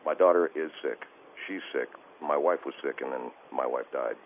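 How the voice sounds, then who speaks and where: A man calls into a radio show, his voice sitting remarkably low. He stammers and restarts, sounding distressed. The sound is thin and phone-like, with a light hiss underneath. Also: normal speed. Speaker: caller. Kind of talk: call-in radio conversation. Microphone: telephone. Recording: tinny phone line with faint hiss.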